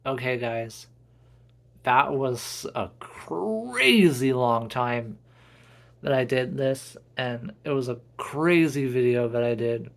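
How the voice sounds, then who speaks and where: Slow, gravelly man reading his novel. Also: mid-range voice, animated. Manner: earnest, slow storytelling. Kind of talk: dramatic story reading.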